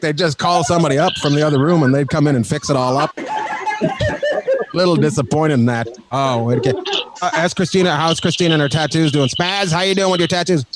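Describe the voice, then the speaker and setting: A man doing crowd work as a comedian on a live stream, teasing people with quick banter and laughing at his own jokes. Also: a little high. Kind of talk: crowd work with an online audience. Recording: loud background noise.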